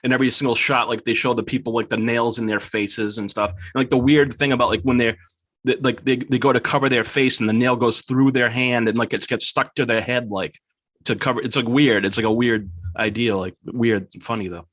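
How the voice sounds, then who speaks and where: A man's voice: medium pitch, fairly even intonation, a little fast, fairly bright tone, no echo, clean studio sound. A man guest on a podcast, rambling casually about a movie, filling nearly every phrase with "like" and laughing easily. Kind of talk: casual chat.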